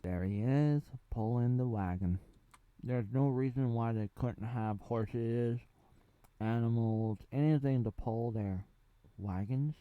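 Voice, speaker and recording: A US man in his thirties gives a loose spoken TV review, rambling with many fillers and asides. He speaks slowly at medium pitch, and the dry recording has phone-quality sound.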